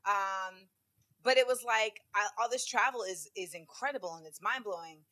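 A woman's voice: medium pitch, normal speed, pushed and bright. A woman comedian telling stories animatedly in a casual interview, with many fillers. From United States. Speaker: guest comedian.

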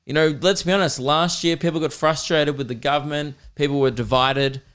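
A man's voice: on the high side, steady tone, brisk, fairly bright tone, clean tone. A young Australian man hosting a podcast, rambling through jokes and swearing freely in casual comedic chat. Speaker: podcast host.

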